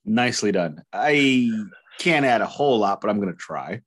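A man co-hosting a music podcast, talking in halting, joking bursts with frequent restarts. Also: on the low side, lively intonation, a bit bright. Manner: halting, joking, self-interrupting. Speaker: podcast co-host. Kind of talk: casual album review chat.

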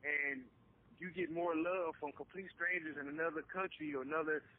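Blunt, slangy male co-host with a raspy, slightly high voice on a tinny phone line. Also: fairly even intonation, moderate pace. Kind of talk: casual chat.

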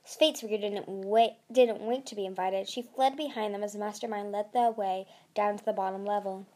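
A woman's voice: medium pitch, fairly even intonation, normal speed, dark tone. A woman reading a fantasy novel aloud as an amateur narrator, with frequent slips and restarts. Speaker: audiobook reader.

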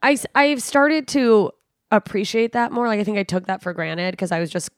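A young woman, a comedian guest, talking candidly on a podcast in a blunt, profane, lively way. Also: medium pitch, normal speed, no echo, studio quality.

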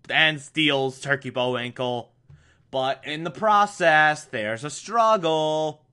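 A man recapping an episode with heavy sarcasm, often bursting into exasperated rants. His voice sits a little high with a bright, forceful ring. He talks at an unhurried, drawn-out pace. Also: smooth. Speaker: show recap host.

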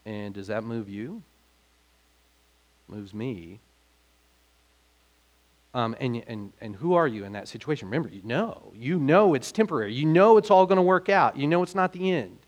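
A man preaching a sermon in a conversational way, growing animated when he asks questions. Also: mid-range voice, normal speed, pauses often. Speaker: pastor.

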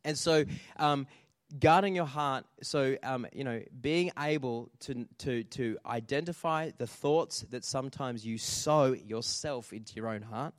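A man preaching a lively sermon, telling stories and calling out to the congregation for responses. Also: mid-range voice, unhurried, few pauses, no echo, studio quality. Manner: animated storytelling with audience call-outs. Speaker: pastor.

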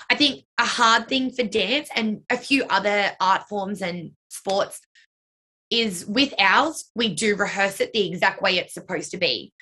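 A young woman who coaches dance and cheer and works as a choreographer answers interview questions chattily, her speech packed with "like" and "you know." Her voice sits in the mid range and has a sharp tone.

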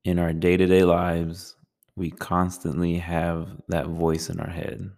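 Slow, gravelly-voiced man teaching meditation. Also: sits low, monotone, darkish tone. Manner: slow, measured, soothing delivery. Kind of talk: calm spoken meditation talk.

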